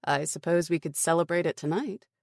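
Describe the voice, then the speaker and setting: A woman's voice: lowish voice, brisk, creaky, no room sound, clean studio sound, pitched above the performer's own voice. A woman reading as a cheerful smug army sergeant.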